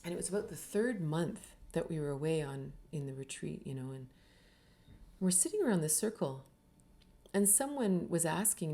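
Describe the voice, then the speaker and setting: Earnest woman with a mellow voice. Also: low voice, lively intonation, moderate pace. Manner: earnest, uses many rhetorical questions and tags with "right?". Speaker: spiritual teacher and author. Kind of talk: reflective teaching talk.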